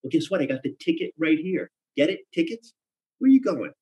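A man's voice: a little high, big pitch swings, brisk, dark tone, muffled recording, voice pushed up. A man doing a pushy wheedling street hawker. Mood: pleading. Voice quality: wheedling, salesy patter. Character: pushy male street ticket hawker, pleading.

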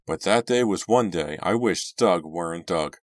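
Deep-voiced male audiobook narrator. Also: moderate pace, no echo, studio quality. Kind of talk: reading a horror novel aloud.

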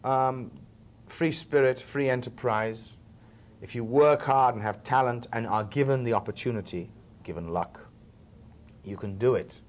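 A film actor from Liverpool tells stories during a casual interview, chatty and chuckling often. His mid-range voice is unhurried.

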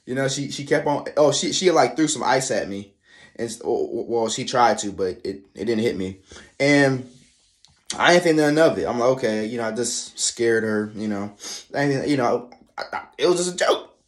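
A man telling a casual spoken anecdote, halting, full of restarts and slangy fillers. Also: mid-range voice. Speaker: storyteller.

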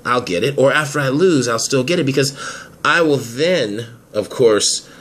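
A man playing a smug, scheming man in a hobby audio drama, talking slowly and chuckling as he gloats. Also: mid-range voice, expressive, fairly bright tone, breathy edge. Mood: gloating. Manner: slow and gloating, chuckles between lines.

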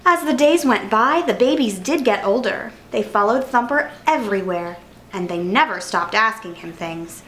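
A woman reading a children's picture book aloud with clear, expressive narration. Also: medium pitch, moderate pace, slight background noise, low-quality recording. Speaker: storyteller.

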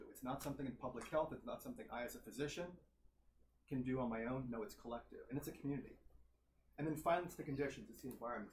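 A man giving a public health lecture with slides, earnest and emphatic, laying out points one by one. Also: medium pitch. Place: lecture hall. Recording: roomy hall sound, faint noise.

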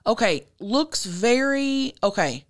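A woman's voice: on the high side, sing-song, takes it slowly. A woman co-hosting a podcast, talking in a brash, blunt, casual way. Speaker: podcast co-host. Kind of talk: casual chat.

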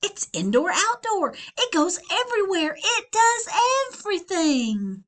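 A woman's voice: measured pace, heavily acted. A woman voicing an eager middle-aged man who brags about a new vacuum cleaner, in a storybook read-aloud. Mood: boastful. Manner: excited, boastful sales pitch.

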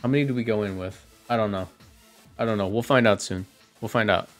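A man giving casual, chatty commentary on his own competitive matches from a home streaming setup, often correcting himself and reacting out loud. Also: fairly low pitch, brisk, faint music behind.

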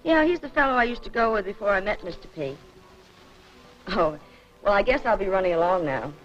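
Actress doing wisecracking neighbor, 1940s film, slangy, lively pitch, dull old soundtrack. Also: female voice, fairly quick, soft background music, lightly acted. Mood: breezy. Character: brassy, wisecracking young woman neighbor.

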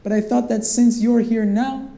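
A man performing a theatrical storytelling monologue, animated and swinging between hushed and excited tones. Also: extremely high pitch, normal speed. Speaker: performance artist. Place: performance space with live visitors. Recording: roomy echo.

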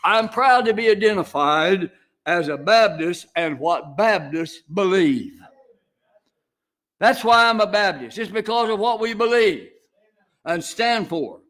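An older man preaching a sermon as senior pastor, in a homey, folksy style with slow, emphatic repeated phrases. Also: high voice, expressive, a bit bright.

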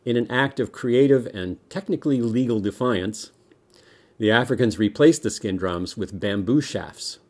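A middle-aged man from the United States giving a history lesson to children, explaining lively and dropping small jokes. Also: mid-range voice, moderate pace. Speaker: music teacher.

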